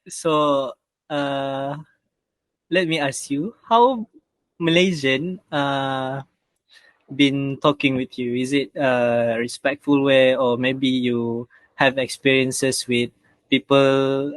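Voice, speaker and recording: A man asking interview questions, halting and searching for words. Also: medium pitch, little pitch movement, no room sound, rough recording.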